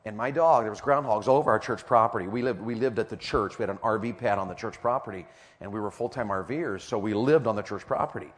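A man's voice: lowish voice, fast. A middle-aged man preaching a sermon, folksy and repetitive, calling out questions to the crowd. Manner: folksy, repeats lines, calls out to the audience. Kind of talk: sermon with stories.

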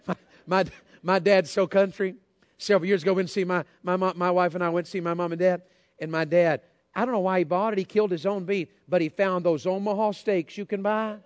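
A man's voice: high-pitched, steady tone, a little fast, no echo. A man preaching a sermon, telling folksy stories and calling out to the congregation. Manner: folksy storytelling, calls out to congregation. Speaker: pastor.

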